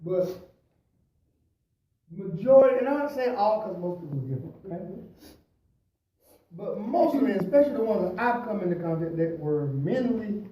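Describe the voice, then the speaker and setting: A high-pitched man preaching with a mellow, warm tone, pushing some lines out loud and dropping others low. He is a pastor who keeps dropping in praise and amen between his points. He is picked up by a distant mic in a very echoey church. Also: big pitch swings, normal speed, long pauses, a little hiss or hum. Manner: punctuates with "praise the Lord" and "hallelujah"; preacherly, swings between loud emphasis and quiet asides. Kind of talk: preaching at a bible study.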